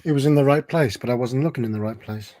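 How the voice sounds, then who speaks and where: A man's voice: medium pitch, fast, warm tone, dry recording, clean studio sound. A man chatting casually in a laid-back, joking way.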